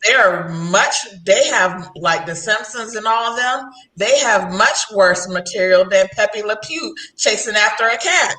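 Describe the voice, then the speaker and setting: A woman hosts a casual livestream chat with a sharp, bright voice. She rambles along in a chatty way and laughs often. The room around her is echoey. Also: mid-range voice, animated, a little slow, hardly any pauses. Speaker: host.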